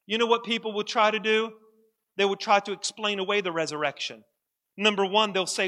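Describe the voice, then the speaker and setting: A man preaching from the pulpit with a high, ringing, bright voice. He hammers his points home and repeats them for weight. His voice carries a long church-hall reverb. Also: steady tone, brisk. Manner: emphatic, repeats key lines for effect. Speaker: pastor. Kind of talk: sermon.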